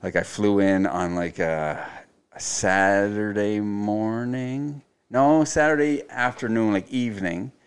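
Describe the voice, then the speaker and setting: A man's voice: lowish voice, slow pace, clear, resonant tone. A man from Nova Scotia, a chef guesting on a podcast, telling a story in a loose, rambling way, full of fillers and swearing. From Nova Scotia, Canada. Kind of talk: casual storytelling chat.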